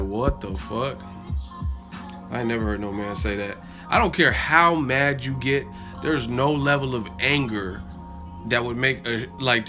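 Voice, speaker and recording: A man hosting a boxing live stream, telling stories in a loose, profane, animated way and reading out donations. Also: lowish voice. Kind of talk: casual livestream chat.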